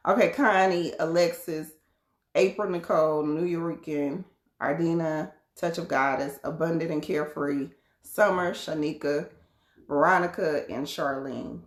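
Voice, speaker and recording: A woman's voice: sits low, measured pace, roomy sound. A woman doing a casual live tarot reading, chatty and laughing often, calling her viewers y'all and beloved. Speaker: tarot card reader.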